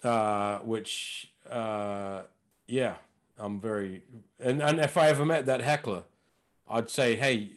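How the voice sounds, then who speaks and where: A man's voice: on the low side, slow. A man who is a stand-up comedian, chatting casually as a podcast guest, telling stories and acting out other people's voices. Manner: animated storyteller, acts out voices and impressions.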